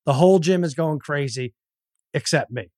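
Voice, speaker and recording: Man, middle-aged, podcast guest, stammering storyteller, slightly high voice, dry close sound. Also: normal speed, no echo. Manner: animated storyteller, stammers, acts out quotes. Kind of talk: casual chat, storytelling.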